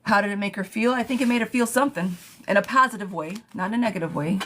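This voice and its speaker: A woman's voice: medium pitch, fast talker, a bit bright, a little hiss or hum. A woman giving yes-or-no tarot readings on a livestream, chatting casually as she reads viewer questions aloud and thanks commenters. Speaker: tarot reader.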